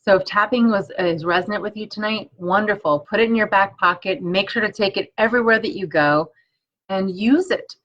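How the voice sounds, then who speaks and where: A woman coaching energy tapping on a live stream, guiding slow repeated affirmations and chatting encouragingly with viewers. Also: medium pitch, lo-fi sound. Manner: warm, encouraging chat with viewers.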